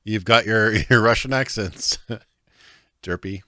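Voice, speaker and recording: A man's voice: lowish voice, takes it slowly, pushed and bright, no room sound, studio quality. A man livestreaming a video game, thinking aloud and chuckling, sometimes unsure what to do next. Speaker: streamer. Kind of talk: livestream gameplay commentary.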